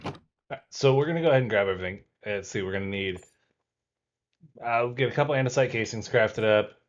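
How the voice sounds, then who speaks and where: A man with a fairly low voice talks his way through a gameplay session in a relaxed, easygoing way. He narrates each step aloud as he works. The recording is slightly dull and lo-fi. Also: brisk. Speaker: gameplay video host. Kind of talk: casual let's-play commentary.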